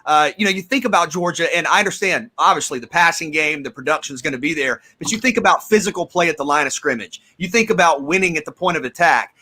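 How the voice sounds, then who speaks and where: A man hosting a sports talk show, briskly introducing his guest and asking pointed questions. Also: on the high side, pushed and bright. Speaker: host.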